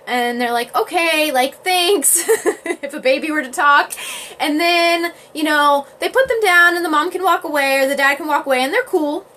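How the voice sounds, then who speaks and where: A woman's voice: fairly high pitch, a little hiss or hum. Chatty woman live-streaming, laughing often. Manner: acts out quoted parents and babies in lively voices. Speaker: livestream host. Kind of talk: casual livestream talk to viewers.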